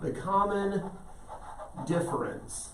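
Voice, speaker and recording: A man's voice: sits high, lively intonation, slow pace, a bit bright, a little hiss or hum. A man teaching a math class, explaining each step patiently and calling on students by name. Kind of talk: classroom lecture. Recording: echoey classroom, mic at a distance.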